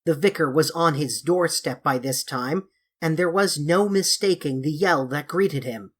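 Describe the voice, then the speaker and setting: A woman narrating a children's classic in a measured, expressive way. Her voice is low and breathy, with an unhurried pace. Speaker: audiobook reader. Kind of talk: storybook narration.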